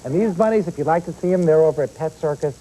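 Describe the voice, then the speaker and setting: A pet expert on a children's TV show quizzes the studio kids and explains animals to them, asking them questions directly. His voice is a little high and mellow, his pace quick, and the recording low-quality.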